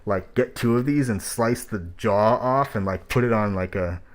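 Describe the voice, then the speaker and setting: A man's voice: lowish voice, moderate pace. A man hosting track reviews in casual spoken critique, talking in a blunt, rambling, profane way, his voice muffled by a mask. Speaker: host reviewing rap tracks.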